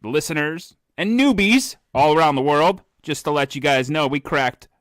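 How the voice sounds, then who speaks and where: A man with a voice on the high side and a fairly bright tone speaks at a moderate pace, recorded with clean studio sound and no echo. He's co-hosting a podcast, chatting casually and trading crude jokes with his co-host.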